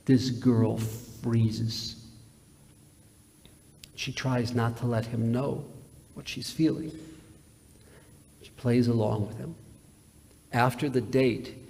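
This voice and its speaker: A rabbi with a medium-pitched, gravelly, warm voice preaches a sermon on a live webcast from a large, reverberant synagogue sanctuary. An emphatic storyteller, he repeats phrases and shifts dramatically in volume.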